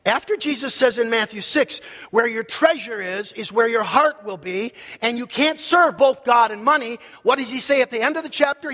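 Man, pastor, high voice, emphatic sermon delivery, long hall reverb. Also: moderate pace. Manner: emphatic preaching, swinging between loud peaks and low asides.

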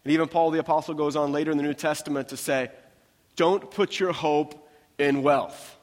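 A man preaches with a high, light voice, talking to the congregation in a loose, joking way full of quick asides. His words ring out with the long reverb of a large hall. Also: fairly even intonation. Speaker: pastor. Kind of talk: sermon.

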